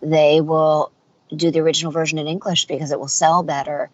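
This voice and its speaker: A woman's voice: low voice, a little fast, muffled recording, a crowd in the background. A middle-aged woman voice actor and dialect coach telling stories in a casual interview, acting out the voices she quotes. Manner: animated storyteller, acts out quoted voices.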